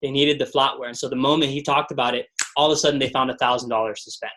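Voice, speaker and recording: A man's voice: medium pitch, steady tone, very fast, a bit bright. A man leading a motivational sales training call, telling stories and repeating mantras with energy.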